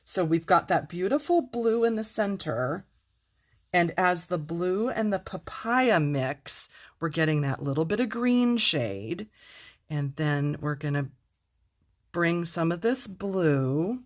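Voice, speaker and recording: Middle-aged woman, card-making teacher, casual demo, enthusiastic and gushing, low voice, slow pace. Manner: gushing, enthusiastic, talks to viewers. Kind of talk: casual craft demonstration.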